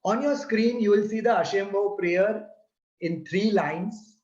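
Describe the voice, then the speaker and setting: Male religious teacher, unhurried and deliberate, recorded in a roomy space with muffled sound. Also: high voice, a little mellow. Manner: deliberate, repeats and spells out syllables. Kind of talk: slow explanatory lesson. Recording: roomy, slightly dull sound.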